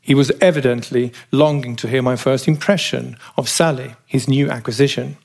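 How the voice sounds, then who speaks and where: A man reading a novel aloud as narrator, in a measured, wry storytelling manner. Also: mid-range voice, fairly even intonation, creaky, darkish tone. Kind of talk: audiobook reading.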